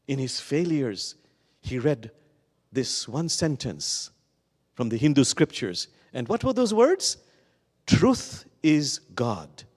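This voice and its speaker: A man giving a sermon full of stories, lingering slowly on the words he wants to stress. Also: mid-range voice. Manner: slow, lingering emphasis on key words. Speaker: guest speaker at a Sunday service. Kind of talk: sermon with storytelling. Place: church sanctuary. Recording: long reverb of a large hall.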